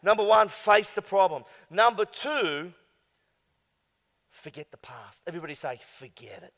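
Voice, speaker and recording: A male pastor preaching emphatically, swinging between hushed asides and loud exclamations. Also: high-pitched, lively intonation, moderate pace. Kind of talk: sermon. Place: church. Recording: long church hall reverb.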